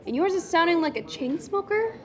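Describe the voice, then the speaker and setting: Brief: high-pitched woman, teasing co-host, playful comedic banter. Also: lively intonation, brisk.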